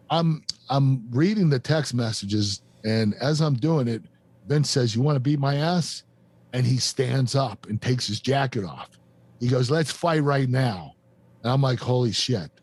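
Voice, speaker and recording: A man in his fifties, a podcast host, telling an emotional personal story in an earnest, halting way with many fillers and restarts. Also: mid-range voice, darkish tone, husky. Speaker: podcast host and former wrestler.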